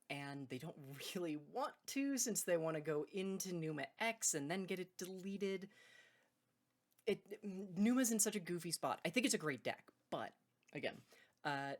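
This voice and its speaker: A woman hosting a card game video, talking in a loose, rambling way and correcting herself mid-sentence. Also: lowish voice. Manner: rambling, self-correcting, laughs between points. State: hiccuping. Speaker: card game video host and tournament judge. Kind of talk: casual unscripted video intro.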